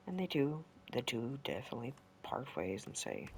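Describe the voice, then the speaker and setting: A man's voice: mid-range voice, huge pitch swings, normal speed, hardly any pauses, a little hiss or hum. A young man gives casual gameplay commentary, rambling through a story and correcting himself as he goes. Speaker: gaming video creator. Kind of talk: casual commentary while playing and telling a story.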